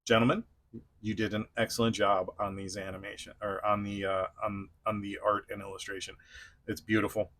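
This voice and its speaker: A man's voice: on the low side, level tone, brisk, fairly bright tone, slight background noise. A man hosting a casual toy unboxing review, rambling with frequent chuckles and restarts.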